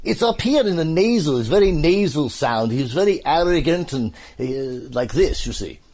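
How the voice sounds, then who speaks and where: A man voicing an older, pompous English gentleman actor with a nasal, upper-class tone and a patronizing, coaching manner. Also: a little high, expressive, moderate pace, voice pushed up.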